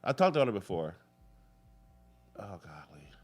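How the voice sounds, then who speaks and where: A man's voice: fairly low pitch, wildly swooping pitch, normal speed. A man hosting a live political commentary show, talking casually, rambling off on tangents and cursing freely. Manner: rambling, jumps between tangents, curses freely.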